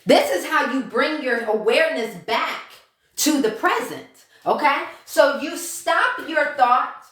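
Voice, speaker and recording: A woman's voice: sits high, lively intonation, slow, fairly bright tone, echoey room. A woman giving a casual self-help lesson to her followers as a mindset coach. She repeats each step and checks in with "okay?" and "right?" after nearly every point. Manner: repeats key steps, acts out inner thoughts. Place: room at home.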